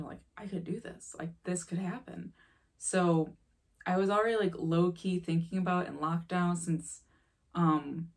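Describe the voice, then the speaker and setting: Woman, 30s, from the Chicago area, slightly low voice, casual and candid vlogger who acts out quotes. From Chicago area, Illinois. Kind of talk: casual life-update storytelling.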